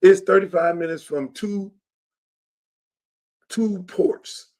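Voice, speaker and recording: A man with a high-pitched voice holds forth in a casual political monologue. He is blunt and emphatic, swears freely, and hammers the same phrases again and again. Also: slow pace, darkish tone. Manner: emphatic, repetitive, blunt and profane. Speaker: show host and political candidate.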